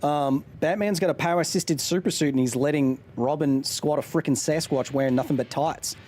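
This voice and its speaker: A man's voice: fairly high pitch, a little fast, a little mellow, a little hiss or hum. A man in his thirties hosting a casual live stream, joking while reading chat aloud. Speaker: streamer and host.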